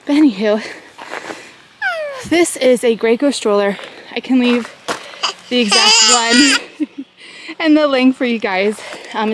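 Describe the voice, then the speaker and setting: A chatty young woman talks to her camera in a relaxed vlog, her voice pitched a little high. She laughs easily as she goes along. A faint hiss of outdoor noise sits behind her. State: out of breath. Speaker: vlogger. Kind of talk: casual mom vlog talk to camera.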